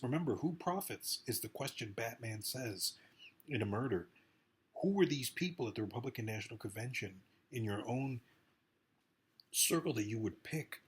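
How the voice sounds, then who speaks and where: A man's voice: fairly low pitch, slightly rough. A man giving an impassioned, rambling monologue straight to the camera, urging and warning with emphatic repetition. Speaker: political commentator.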